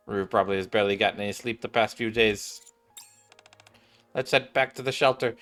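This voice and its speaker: A man's voice: fairly low pitch, steady tone, a little fast, pauses often, a bit bright, faint music behind. A man reading a game story aloud, breaking in with casual, wry asides.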